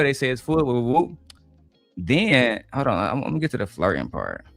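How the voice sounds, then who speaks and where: A man hosting a livestream, ranting in a heated, profane, animated way. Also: medium pitch, fairly quick, vocal fry, no echo, faint music behind. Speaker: livestream host. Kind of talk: livestream reaction rant.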